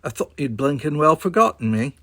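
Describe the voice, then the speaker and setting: A man voicing a cheerful young woman debater with a put-on Australian accent, high and breezy. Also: expressive, fairly quick, a bit bright, no echo, clean studio sound.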